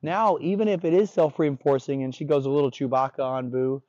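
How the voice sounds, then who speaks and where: A man with a warm, relaxed voice talks as a dog trainer, blunt and plain-spoken. He swears casually. The recording sounds dry and dull. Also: on the high side, fairly quick, no room sound. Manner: blunt, profane, confident explaining. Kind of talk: casual on-the-job instruction.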